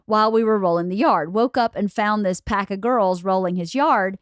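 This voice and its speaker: A woman hosting a podcast, telling a story in a lively, laughing way. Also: mid-range voice, moderate pace, no room sound, clean studio sound. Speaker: podcast host. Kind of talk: casual storytelling chat.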